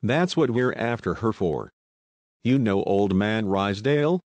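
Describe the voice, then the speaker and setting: A man's voice: fairly low pitch, lively intonation, unhurried, darkish tone, dry recording. Breezy young lady sleuth, read by a man. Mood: sly, breezy. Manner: conspiratorial, breezy, putting on American slang. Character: bold playful young woman sleuth, posing as an American detective.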